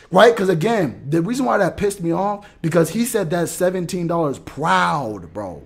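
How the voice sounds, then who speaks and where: A man telling a story in an animated rant, acting out what people said and swinging between loud outbursts and mumbling asides. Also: high-pitched, moderate pace, gravelly, hardly any pauses, breathy edge. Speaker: motivational podcaster.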